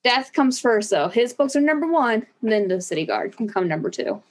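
A woman with a fairly high voice chats casually as a podcast co-host. She gushes with enthusiasm, sometimes acting out lines of dialogue. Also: sing-song, fairly quick. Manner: gushing, enthusiastic, acts out quoted dialogue. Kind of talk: casual chat about books.

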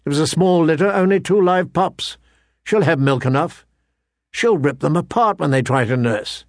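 A man's voice: fairly high pitch, expressive, moderate pace, no room sound, studio quality. A man voicing an eager, stubborn teenage heir to a lord, firm and commanding, in an audiobook reading. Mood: insistent. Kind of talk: audiobook character voice.

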